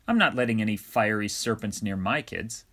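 A man's voice: lowish voice, normal speed, bright, forceful tone. A man voicing a stubborn, protective mother who is defiant and self-righteous.

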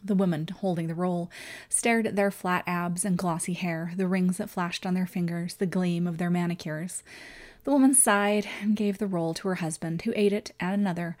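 A woman narrating a short story aloud, raising her voice higher and louder for the characters' lines. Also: fairly even intonation, normal speed. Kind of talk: storybook reading.

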